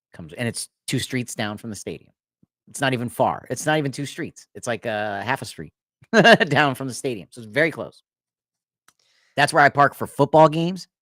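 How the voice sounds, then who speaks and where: Man, podcast host, casual rambling chat, lively pitch, dry close sound. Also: no echo. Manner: rambling storyteller, laughs at own jokes.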